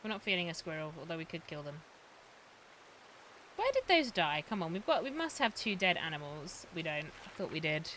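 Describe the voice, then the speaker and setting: Woman streamer, young, bright voice, swears a lot, jumpy gameplay commentary. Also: fairly low pitch, brisk, a little hiss or hum. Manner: profane, excitable, talks to herself and chat.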